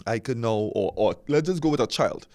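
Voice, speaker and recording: A man's voice: medium pitch, lively intonation, a little fast, darkish tone. A man explaining his view in a podcast discussion, often checking in with "right?". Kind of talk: casual discussion.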